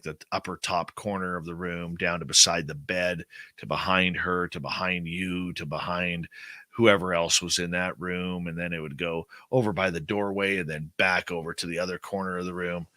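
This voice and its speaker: Deep voiced guy telling a story slow and bright, dry close sound. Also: no room sound. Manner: animated personal storytelling, acts out quotes. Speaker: guest. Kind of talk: storytelling in an interview.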